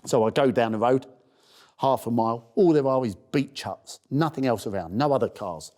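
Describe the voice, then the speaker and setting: A man's voice: mid-range voice, normal speed. A middle-aged man from the UK telling the story of his charity walk in a spoken diary, acting out the people he met. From United Kingdom. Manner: storytelling, animated voices for people he meets.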